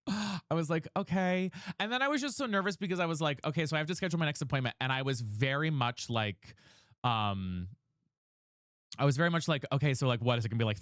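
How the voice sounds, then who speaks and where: A man's voice: mid-range voice, a bit bright, no echo, clean studio sound. A young man streaming and chatting casually, rambling and retelling a conversation line by line. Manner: rambling, retells others' words with "she's like". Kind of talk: casual chat while gaming.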